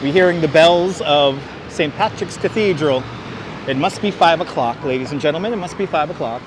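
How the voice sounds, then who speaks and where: A man's voice: fairly high pitch, moderate pace. A man livestreaming while walking city streets, giving joking, sarcastic running commentary on a clip-on mic. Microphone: wireless clip-on mic. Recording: outdoor traffic noise.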